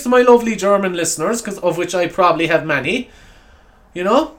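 Brisk and animated, this mid-range voice belongs to a young adult Irish podcaster chatting by themselves in a rambling way. The host pokes fun at themselves, giggles frequently and keeps apologizing.

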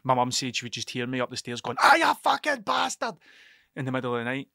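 A man's voice: medium pitch, completely flat delivery, racing, a bit bright, clear, resonant tone, no room sound, studio quality. A young man hosting a solo podcast, telling stories in a rambling, sweary, self-interrupting way. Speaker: podcast host. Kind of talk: casual solo podcast storytelling.

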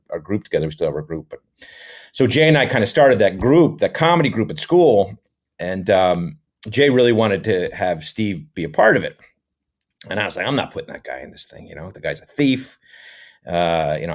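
A middle-aged American man telling stories in a casual interview, rambling with lots of fillers. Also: deep voice. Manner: relaxed, rambling, many fillers. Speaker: podcast guest, comedy actor.

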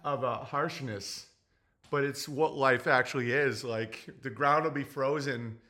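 A man in his forties, hosting a livestream, talking in a halting, emotional way, tearful, with many fillers and blunt profanity. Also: medium pitch, sharp tone. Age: 40s. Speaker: livestream host. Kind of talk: casual livestream talk reading chat.

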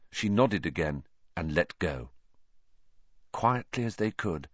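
A man reading a storybook aloud as narrator, with a dramatic, expressive delivery. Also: low-pitched, no room sound, muffled recording. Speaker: audiobook narrator.

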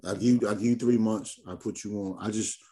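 A man hosting a podcast in casual chat, talking in an animated, slangy, emphatic way. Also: fairly low pitch, fairly quick. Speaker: podcast host.

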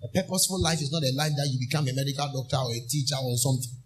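A minister preaches a sermon very fast in a mid-range voice, calling out questions to the congregation. He uses call-and-response, repeating phrases and drawing out key ones with emphasis.

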